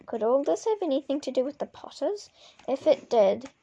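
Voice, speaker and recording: Woman reading a book aloud, mellow and gravelly, stumbles and restarts. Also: high voice, sing-song, normal speed, highs cut off. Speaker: reader.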